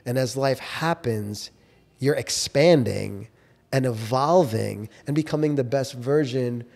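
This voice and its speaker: A man's voice: medium pitch, unhurried, creaky, darkish tone. A man co-hosting a casual conversation, explaining his ideas in an earnest, coaching way. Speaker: podcast co-host.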